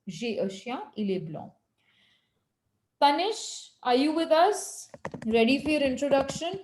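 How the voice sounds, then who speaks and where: A woman teaching French on a video call, patiently correcting students and slowing down to model phrases. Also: high-pitched, big pitch swings, darkish tone, roomy sound, poor audio. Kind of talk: online language lesson.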